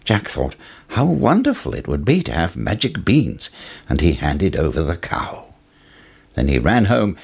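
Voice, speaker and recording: A man narrating a fairy tale in an expressive storytelling manner. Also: low-pitched, measured pace, vocal fry, breathy edge.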